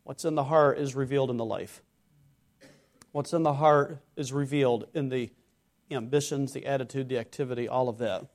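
A man preaching a sermon, moving between loud exhortation and hushed earnest tones, acting out imagined questioners and their replies. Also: mid-range voice, fairly even intonation, normal speed.

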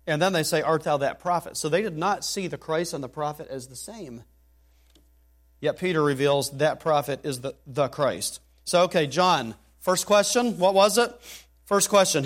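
A man's voice: a little high, normal speed. A man preaching an expository sermon, reading scripture aloud and building to emphatic, rising declarations.

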